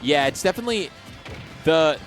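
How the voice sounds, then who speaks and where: A man commentating a fighting game tournament in casual chat with a co-caster, animated and quick to jump up in pitch when excited. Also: faint music behind. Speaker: esports commentator.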